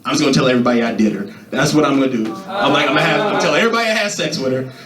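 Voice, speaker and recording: A young man doing stand-up at an open mic, talking loosely and animatedly and jumping into high squeaky voices when he quotes people. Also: racing, crowd noise. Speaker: stand-up comedian. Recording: echoey room, mic from a distance.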